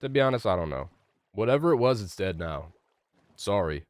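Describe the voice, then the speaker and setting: A man's voice: lowish voice, big pitch swings, brisk, no echo. A young man live-streaming a game, chatting loosely with his chat, rambling and swearing casually. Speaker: gaming streamer.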